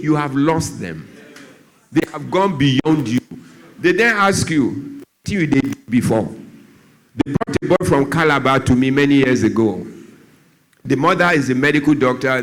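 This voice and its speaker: A man's voice: animated, normal speed, fairly bright tone. A Nigerian man, a doctor who speaks on drug abuse, gives a church talk. He tells stories and acts out the voices of the people in them. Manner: storytelling, acts out dialogue, shifts pitch a lot.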